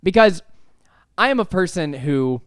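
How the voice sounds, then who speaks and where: An animated young man hosts a casual podcast chat, breaking into laughter as he tells stories. His voice sits a little high and leaps around a lot. The sound is dry and close. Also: unhurried, clean tone, dry recording. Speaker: podcast host. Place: apartment.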